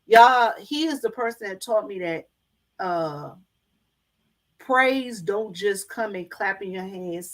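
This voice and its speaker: A woman's voice: medium pitch, a bit bright. A middle-aged woman, chatting casually to her viewers and telling folksy stories. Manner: folksy storytelling, addresses viewers as y'all. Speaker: vlogger. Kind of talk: casual chat to live viewers.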